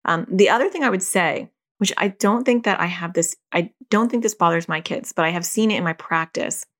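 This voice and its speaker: Woman, middle-aged, therapist, casual advice talk, slightly low voice, animated storytelling. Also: a little fast. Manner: animated storytelling, laughing and acting out quoted voices. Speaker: therapist and parent.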